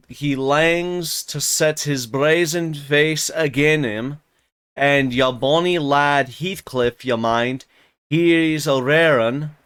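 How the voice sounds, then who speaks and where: Old grumbling manservant, thick rural dialect, read by a man on stream, slow and halting, clear tone. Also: fairly high pitch, a bit bright, no room sound. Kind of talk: reading a novel aloud on a live stream.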